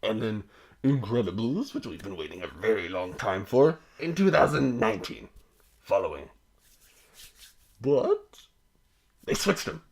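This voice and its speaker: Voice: medium pitch, very animated, a little slow, vocal fry, pauses often, a little mellow. A podcast co-host in playful, teasing casual chat, laughing often.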